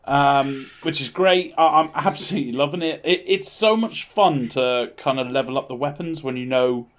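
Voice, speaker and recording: A man co-hosting a gaming podcast, chatting casually in an animated, rambling way and laughing easily. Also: medium pitch, normal speed. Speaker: podcast co-host.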